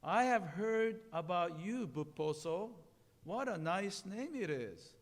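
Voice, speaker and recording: A man voicing a gentle, wise old male scops owl who speaks in a firm yet soothing way. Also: high-pitched, sing-song, slow pace, heavily acted. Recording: long hall reverb.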